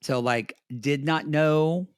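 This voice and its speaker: A man from Oklahoma hosting a casual podcast chat, talking in an animated, rambling way and often breaking off his own sentences. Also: a little high, takes it slowly, clean tone, no echo, studio quality. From Oklahoma, United States. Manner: animated, rambling, self-interrupting. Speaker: podcast host.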